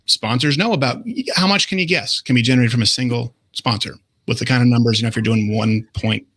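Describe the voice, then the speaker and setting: A man from Canada, a guest on a talk show, speaking in a quick, emphatic and punchy way. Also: medium pitch, a bit bright. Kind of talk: podcast conversation.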